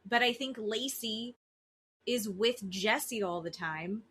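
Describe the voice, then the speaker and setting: A woman with a mid-range, breathy-edged voice speaks slowly as a podcast co-host. Her casual chat is blunt and animated, full of swearing and mimicry of the people she quotes.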